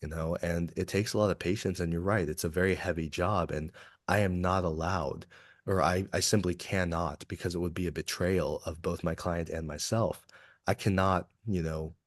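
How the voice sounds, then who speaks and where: A man's voice: low-pitched, steady tone, normal speed, dry recording, clean studio sound. A man from Kentucky, an executive coach talking earnestly and reflectively as a guest in a podcast interview. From Kentucky, USA. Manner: earnest, reflective, open about feelings.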